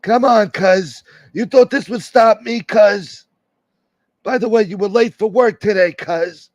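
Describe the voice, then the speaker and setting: A man putting on the voice of a cocky street tough who taunts slowly and mockingly. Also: high voice, no room sound, muffled recording, pitched above the performer's own voice. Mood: taunting. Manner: taunting, drawn-out slow delivery.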